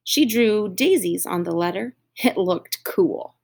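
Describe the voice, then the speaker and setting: Slow, expressive woman reading a children's story. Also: mid-range voice, creaky, husky. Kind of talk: children's story read-aloud.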